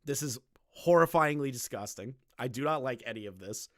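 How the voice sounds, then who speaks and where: A young man giving casual reaction commentary, rambling and repeating himself, swinging from loud remarks to low muttering. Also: expressive, brisk, no echo, studio quality. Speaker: commentary streamer.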